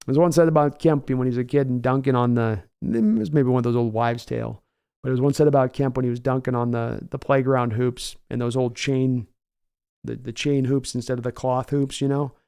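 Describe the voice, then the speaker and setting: A man's voice: mid-range voice, fairly even intonation, a little fast, gravelly, mellow, smooth. A man hosting a sports livestream in a casual, enthusiastic and rambling way, often restarting his words. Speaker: sports podcast host reading live chat.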